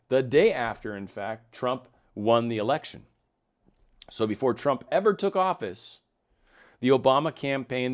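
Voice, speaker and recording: Man, solo commentary, casual, wry asides, reads documents aloud, average pitch. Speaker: political commentary vlogger.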